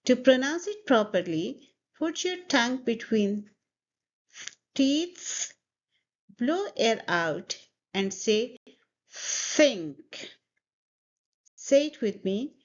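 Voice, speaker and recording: A woman teaching English pronunciation, slowly demonstrating words and having students repeat them. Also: on the high side. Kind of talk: pronunciation lesson. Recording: dull lo-fi audio.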